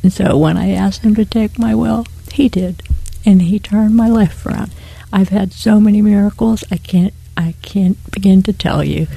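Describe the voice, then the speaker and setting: A woman's voice: medium pitch, normal speed, vocal fry, mellow, husky. A woman sharing her personal faith testimony as a talk show guest, earnest and heartfelt, often near tears.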